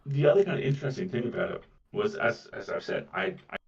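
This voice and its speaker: A man with a British accent and a soft, mellifluous voice chats casually as an interview guest, often repeating words as he goes. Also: mid-range voice, very animated, quick pace, slight background noise. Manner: rambling, with frequent repeats of words. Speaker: voice actor guest. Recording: muffled, distant mic.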